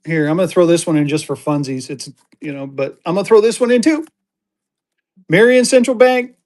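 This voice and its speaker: A man from Colorado running a live online auction, keeping up a rapid, upbeat patter as he adds items for bidders. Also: fairly high pitch. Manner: upbeat, rapid-fire adding items, gets excited.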